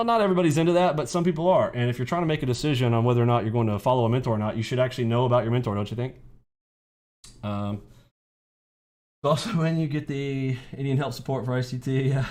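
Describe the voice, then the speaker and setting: A man's voice: medium pitch, a little mellow. A man hosting a casual livestream on trading, brash and mocking, rambling as he takes questions from callers. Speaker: trading mentor and show host.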